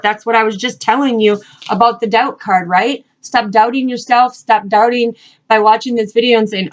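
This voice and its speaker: A woman reading spiritual messages, earnest and repetitive, speaking encouragingly and asking spirit questions out loud. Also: a little high, fairly even intonation, moderate pace, lo-fi sound. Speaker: spiritual reader and channel host. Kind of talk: casual spiritual card-reading talk.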